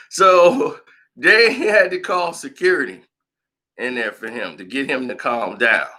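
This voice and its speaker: Male sports vlogger, animated storyteller, bright edgy voice. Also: mid-range voice, takes it slowly, low-quality recording. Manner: animated storytelling, laughs often. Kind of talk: casual sports commentary.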